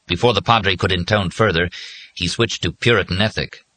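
A man reading a novel aloud in measured, scripted narration. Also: low voice, pushed and bright, husky, no echo. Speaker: audiobook narrator.

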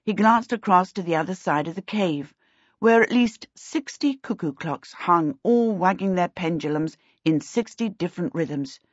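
Husky woman reading a storybook. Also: lowish voice, animated, normal speed, no room sound. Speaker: audiobook narrator. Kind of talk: scripted storybook narration. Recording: dull lo-fi recording.

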